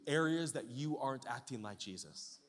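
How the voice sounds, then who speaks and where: A man pastor preaching a sermon, firing off rhetorical questions and building up to shouts at the peaks. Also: medium pitch, lively intonation, normal speed. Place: church sanctuary. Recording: long church-hall reverb.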